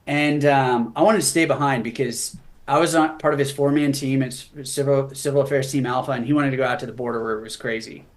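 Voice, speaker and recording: A man's voice: mid-range voice, fairly even intonation, a little fast. A man speaking as an interview guest, telling a personal story in a candid, earnest way with touches of humor. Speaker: guest, veteran author. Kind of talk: conversational storytelling.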